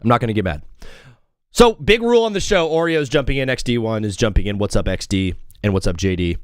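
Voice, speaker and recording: A man hosting a live sports talk show, rambling and joking in an excitable, casual way. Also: on the low side, quick pace, clear, resonant tone, no echo, studio quality.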